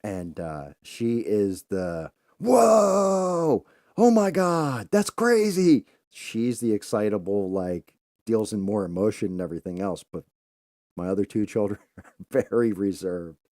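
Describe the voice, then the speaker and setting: A middle-aged man hosting a talk show, telling a story casually, swearing freely and acting out his own loud outbursts. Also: low-pitched, normal speed, no room sound, studio quality. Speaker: podcast host.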